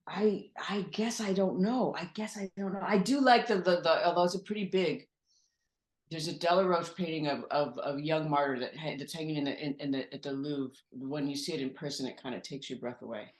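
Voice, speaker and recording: Animated woman guest, roomy sound. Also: sits low, fairly quick. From Michigan, USA. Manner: animated, stops and restarts while searching for words. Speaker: guest actress. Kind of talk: casual interview chat. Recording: roomy echo.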